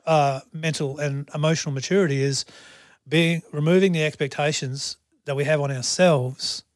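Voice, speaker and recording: A man's voice: a little high, fairly even intonation, moderate pace, no room sound, clean studio sound. A man hosting a podcast, speaking reflectively and summing up the talk with sayings. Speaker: podcast host. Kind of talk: conversational interview.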